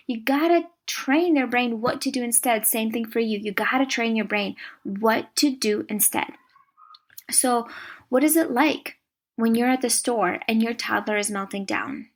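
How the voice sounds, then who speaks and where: A young woman coaching her listeners on a podcast, speaking in a chatty, encouraging manner. Her voice sits a little higher than usual. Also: husky. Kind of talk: podcast monologue.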